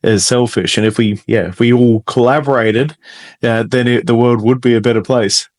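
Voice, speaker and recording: A man hosting a podcast interview who talks in a halting way, restarting his sentences often. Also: mid-range voice, fairly even intonation. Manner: halting, many restarts and fillers, warm agreement. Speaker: podcast host. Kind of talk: interviewer in casual chat.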